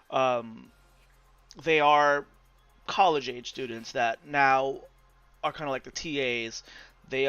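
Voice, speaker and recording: A man's voice: mid-range voice, bright, forceful tone. A man narrating a tabletop game as game master, descriptive, with frequent fillers. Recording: dull lo-fi recording.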